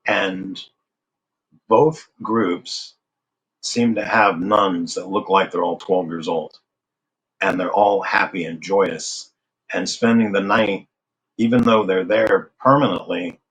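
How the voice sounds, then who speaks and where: A man with a notably low voice speaks as a guest in an interview. He tells a long personal story in an easy, conversational way. He slips into the voices of the people in it as he quotes them. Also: a bit bright, poor audio. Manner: conversational, acts out remembered dialogue. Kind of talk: casual storytelling.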